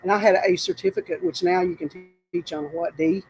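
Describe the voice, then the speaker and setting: A woman's voice: lowish voice, steady tone, a little fast, a little mellow, a little hiss or hum, low-quality recording. An older woman from North Carolina, telling stories in a casual, rambling interview, often breaking off and laughing. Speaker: interview guest. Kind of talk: casual storytelling.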